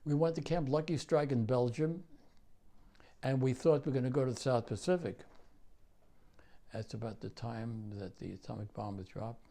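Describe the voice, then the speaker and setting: An older man with a New York accent speaks in a gravelly, dark voice. He tells his memories in halting bursts, repeats phrases and leans on fillers as he answers an interviewer's questions. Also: medium pitch. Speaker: war veteran interviewee.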